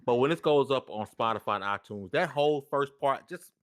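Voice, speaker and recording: A man's voice: medium pitch, expressive, a little fast. A man hosting a gaming podcast, talking in loose, slangy banter and hyping up his chat. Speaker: podcast host.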